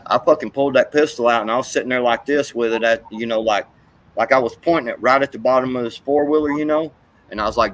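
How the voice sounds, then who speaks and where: Man, casual storyteller, profane and rambling, heated, mid-pitched. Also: a bit bright, poor audio. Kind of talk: casual chat.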